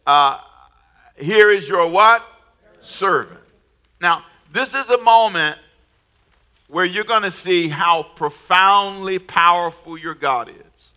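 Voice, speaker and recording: A middle-aged male preacher with a high-pitched, sharply bright voice. He tells stories with humor, chuckles at his own jokes, and leads the congregation in call-and-response. At the big moments he shouts out emphatic declarations. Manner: call-and-response, urging the congregation to repeat lines. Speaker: pastor. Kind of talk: sermon.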